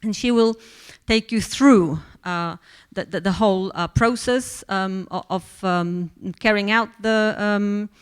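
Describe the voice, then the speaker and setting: Teacher trainer, woman, hesitant delivery full of fillers, mid pitch. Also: takes it slowly, clean tone. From Poland. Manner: hesitant, many fillers and restarts. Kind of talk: workshop presentation.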